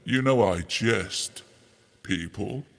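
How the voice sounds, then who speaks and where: A man's voice: slow, gravelly. Joking man through a harmonizer effect. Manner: joking, rambling, self-mocking. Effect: voice run through a harmonizer pitch effect. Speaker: host demonstrating audio effects. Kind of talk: casual demo chat with playful joking.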